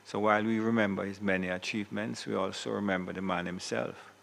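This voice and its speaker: A man presiding over a legislative chamber, giving a formal parliamentary tribute in a measured way with small self-corrections. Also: fairly low pitch, steady tone, gravelly, fairly bright tone, low-quality recording. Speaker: Senate president.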